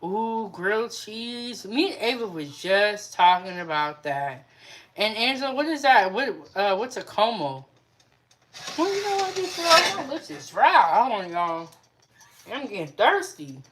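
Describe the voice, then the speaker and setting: A woman's voice: medium pitch, very animated, a little slow, fairly bright tone, a little hiss or hum. A young adult woman hosting a casual cooking livestream from her home kitchen, chatting and answering viewers' comments as she cooks. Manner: chatty, reads out and answers live chat comments. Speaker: cooking show host.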